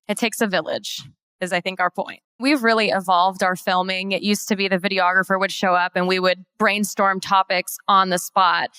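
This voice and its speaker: A woman's voice: mid-range voice, little pitch movement, normal speed, sharp tone, clean tone, dry recording. A woman heading marketing for a law firm, giving an organized, businesslike conference presentation.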